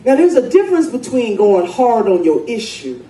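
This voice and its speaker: A woman's voice: on the high side, very animated, moderate pace, dark tone. Fiery woman speaking in echoey hall. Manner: fiery, emphatic, rallying. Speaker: state senator giving a speech. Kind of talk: rousing political speech. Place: conference room with audience. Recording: echoey room, distant mic, crowd noise.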